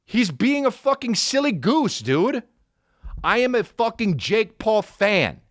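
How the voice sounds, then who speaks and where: A man's voice: high-pitched, very animated, takes it slowly, a bit bright, no echo, clean studio sound. A man hosting a podcast, ranting casually in a profane, rambling way, full of restarts as he tells a story. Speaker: podcast host. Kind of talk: casual comedic rant. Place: podcast studio.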